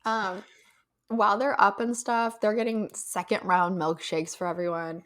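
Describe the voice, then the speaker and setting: Animated, swearing woman in her twenties. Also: medium pitch, unhurried. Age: 20s. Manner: animated, swears freely, acts out characters' lines. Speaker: podcast co-host. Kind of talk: casual recap chat.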